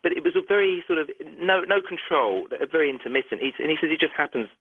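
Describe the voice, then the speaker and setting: A middle-aged man, a doctor, telling a story in a phone interview, animated and restarting sentences often. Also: on the high side, fast talker, breathy edge, dry recording. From United Kingdom. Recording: tinny dry phone line.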